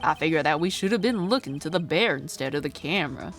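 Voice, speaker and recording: Laid-back male cop, played by a woman with a slow stoner drawl, a bit low. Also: animated, soft background music. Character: laid-back gruff male police detective.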